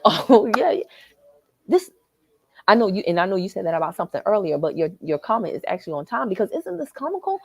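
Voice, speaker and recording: A Southern woman hosts a live chat, husky and a little raspy, her pitch leaping up and down as she gets worked up. She talks straight to her viewers, and the sound is close and dry. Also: big pitch swings, quick pace, no echo. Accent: Southern American. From American South. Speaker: livestream host. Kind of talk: animated live chat reading comments. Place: hotel lobby.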